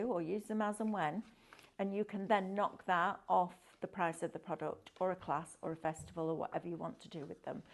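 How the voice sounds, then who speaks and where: A woman with a lowish, slightly mellow voice hosts a craft shopping show. Upbeat and enthusiastic, she chats through a live sales demo and throws in tag questions as she shows products.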